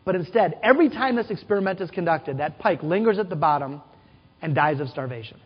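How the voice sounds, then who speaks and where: With a husky voice on the high side, lively intonation, and a slightly fast pace, a man delivers a conference keynote in a large hall. He tells stories, voicing quotes and asking the audience questions, and the recording is dull with hall echo.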